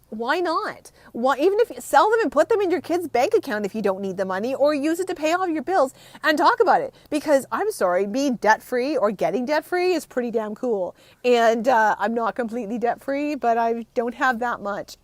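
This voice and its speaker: A woman's voice: fairly high pitch, no room sound. A woman in her thirties chatting frankly in an unedited vlog, rambling and close to tears, with some swearing. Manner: emotional, on the verge of tears. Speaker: vlogger. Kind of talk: unedited casual vlog chat.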